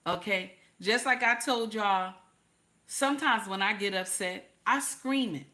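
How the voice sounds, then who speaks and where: A little slow in her delivery, an older live-stream host gives her viewers casual guidance on relationships. She's animated, keeps repeating key ideas, and leans into a low, confiding voice to underline them.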